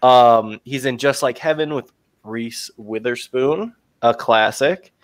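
A man's voice: mid-range voice, takes it slowly, dry recording. Young man, casual podcast chat, dry close sound, retells scenes with playful impressions. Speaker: podcast co-host.

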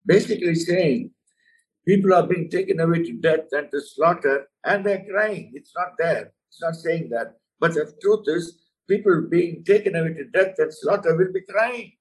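A man's voice: fairly high pitch, lively intonation, normal speed, recorded from a distance, rough recording. A man preaching a sermon, earnest and emphatic, often calling the listener "my friend".

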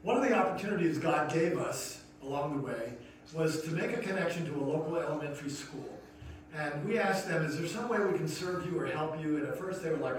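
A pastor with a slightly high voice and lively intonation preaches fairly quickly in a church sanctuary, telling stories earnestly and building to emphatic questions. The recording is noisy, with an echoey hall sound picked up from far away.

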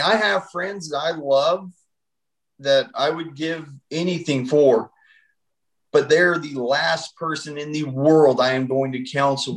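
Male podcast guest, earnest and direct, advice-giving tone, slightly high voice. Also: a bit bright, rough recording. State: married. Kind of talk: candid faith podcast conversation.

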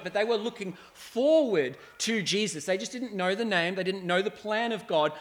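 A man, a pastor from Australia, delivers a sermon in an earnest, conversational tone. His voice sits fairly high, and he slips into little acted-out quotes to make his points. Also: a bit bright.

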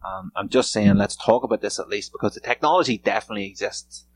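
A man's voice: lowish voice, fast, low-quality recording. A man hosting a solo podcast from a room at home, rambling casually and swearing freely. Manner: rambling, profane and laid-back. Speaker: podcast host.

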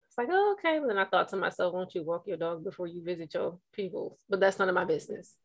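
A woman's voice: lowish voice, steady tone, fast. A woman telling a story in casual chat, chatty with dramatic retelling.

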